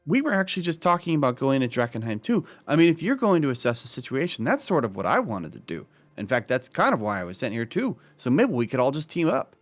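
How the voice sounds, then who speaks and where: A man's voice: mid-range voice, wildly swooping pitch, fast talker, few pauses, soft background music. A man voicing a tall, shy Firbolg acolyte who is earnest and eager to make friends, speaking hesitantly.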